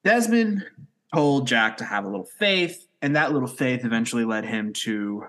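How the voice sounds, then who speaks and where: Lively-voiced man recapping a show. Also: mid-range voice. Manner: recaps plot in a quick storytelling way. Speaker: podcast co-host recapping episodes. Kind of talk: casual chat.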